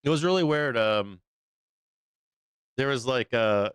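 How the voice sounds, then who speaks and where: A man's voice: medium pitch, expressive, slow pace, a bit bright, clear, resonant tone, dry recording. A man from Boston hosting a live stock market show, talking off the cuff in a rambling, profane way. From Boston, USA. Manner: rambling, profane, with frequent fillers. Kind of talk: casual livestream chat.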